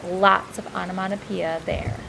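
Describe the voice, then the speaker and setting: A woman teacher giving a reading lesson, reading a picture book aloud with lively sound effects. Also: mid-range voice, normal speed, gravelly, very noisy.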